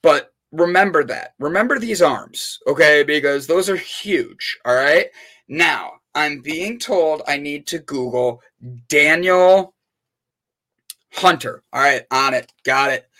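Upbeat, bright-voiced male livestream host. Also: on the high side, animated, takes it slowly. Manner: upbeat, playful, jokey with chat. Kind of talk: casual live-stream chat.

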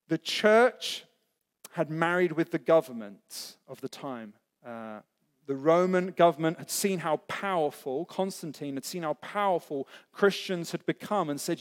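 A man's voice: a little high, a little mellow. A man preaching a sermon as pastor, earnest and conversational, asking the congregation rhetorical questions. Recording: echoey hall.

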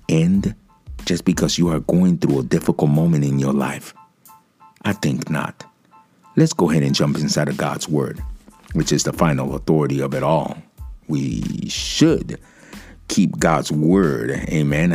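A man's voice: rumbling low, gravelly, darkish tone, husky. A man giving an earnest devotional sermon, speaking straight to the listener and dropping in a casual "man" and "amen". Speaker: preacher.

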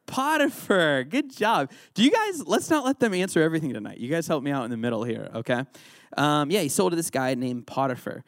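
Youth pastor, male, upbeat and jokey, quizzes the room, slightly higher voice, dry close sound. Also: very animated, fairly quick, no echo. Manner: playful, joking, quizzes the audience. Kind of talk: interactive Bible lesson sermon.

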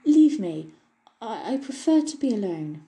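A woman's voice: fairly low pitch, expressive, moderate pace, warm tone, echoey room, poor audio. A woman voicing a tiny absent-minded fairy who is eager and tries to sound dignified, in a storybook reading. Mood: flustered.

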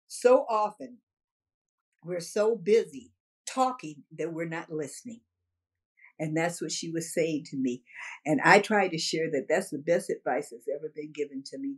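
An older woman answering interview questions with animated storytelling, emphatic repetition and frequent laughter. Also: lowish voice, unhurried, slightly rough. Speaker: interviewee, businesswoman.

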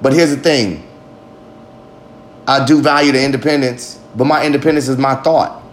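A man's voice: medium pitch, moderate pace, slight background noise. A man hosting a podcast, talking in a rambling, profane, emphatic monologue. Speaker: podcast host. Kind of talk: casual monologue.

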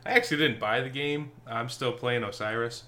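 Bright sounding guy cohosting, lots of ums and laughs. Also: medium pitch, normal speed. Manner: laughs often, hesitant with ums. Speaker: podcast co-host. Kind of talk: casual gaming chat.

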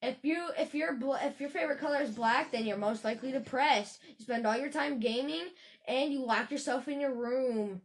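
A woman's voice: sits high, moderate pace. A woman co-hosting a casual podcast, blunt and sweary, in a mock-ranting way. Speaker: podcast co-host. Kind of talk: casual chat.

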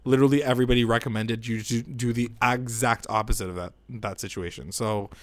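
A man's voice: medium pitch, steady tone, brisk, dry recording. A man co-hosting a casual recap chat, rambling and opinionated, filling his talk with "like". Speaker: podcast co-host.

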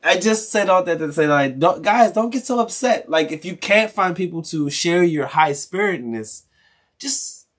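A young man from Maryland talks alone on his podcast in a loose, rambling way. He swears freely and laughs between thoughts. His voice sits a bit higher than most men's. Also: lively intonation, moderate pace, a bit bright. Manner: profane, rambling rant with frequent laughs. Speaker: podcast host. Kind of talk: casual solo podcast monologue.

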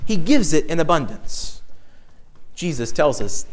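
A man's voice: fairly high pitch, sing-song, unhurried, a little mellow, poor audio. A man preaching a sermon with an emphatic, repetitive cadence, stressing key phrases.

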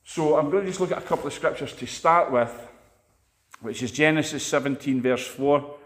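A man's voice: fairly high pitch, normal speed. Man, Scottish accent, preacher, conversational sermon, anecdotal storytelling, roomy echoey sound.

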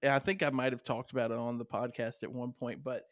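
Speaking at a fairly quick clip, a young Southern man hosts a laid-back podcast, spinning lively stories and breaking into frequent laughter. His voice sits in the mid range, captured in a dry recording.

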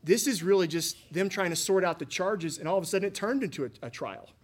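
A man's voice: sits high, quick pace. A male pastor preaching a sermon in a conversational style, often restarting his sentences and asking the congregation questions.

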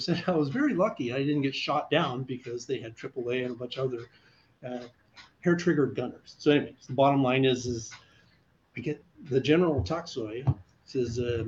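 A man in his sixties telling an animated, chuckling story as an interview guest. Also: fairly high pitch. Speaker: guest, veteran fighter pilot. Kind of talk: casual storytelling. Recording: slightly dull recording, faint hiss.

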